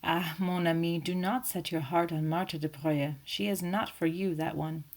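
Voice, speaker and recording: A fussy elderly Belgian detective speaks, voiced by a woman reading an audiobook. His tone is gentle, ironic and teasing, and the voice sits slightly above her own low register. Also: steady tone, normal speed, natural voice. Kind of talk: audiobook character voice.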